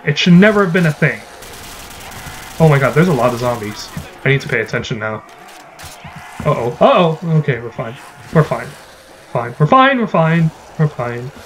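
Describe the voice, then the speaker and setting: A man's voice: fairly high pitch, slight background noise. A man giving casual, rambling gameplay commentary as a gaming channel host, swearing when frustrated.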